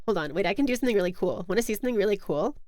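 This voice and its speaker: A woman's voice: medium pitch, lively intonation, rapid-fire, a little mellow, dry recording. A young woman streaming a game, chatting casually in a giggly, self-mocking way into a close mic. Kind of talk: casual live-stream chat.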